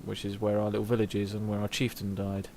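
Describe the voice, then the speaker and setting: A man's voice: fairly low pitch, completely flat delivery, fast, a little mellow, slight background noise. A young man chatting casually while streaming a video game, rambling and reading game text aloud. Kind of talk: casual live gameplay commentary.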